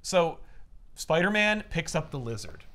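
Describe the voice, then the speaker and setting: A young adult man, recapping a comic in casual chat and jumping into quick voices for the characters. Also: on the high side, big pitch swings, bright, forceful tone. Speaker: comic book recap host.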